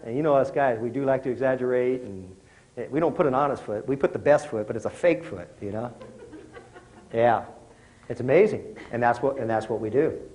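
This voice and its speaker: A middle-aged man gives a motivational talk to a live audience, in a voice a bit higher than most men's. He speaks conversationally, asks the crowd questions and works jokes into his points. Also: rough recording.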